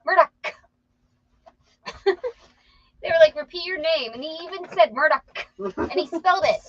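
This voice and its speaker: A woman's voice: very high voice, expressive, a little slow, fairly bright tone, dull audio, slight background noise. A woman co-hosting a reseller channel, chatting and joking casually while working.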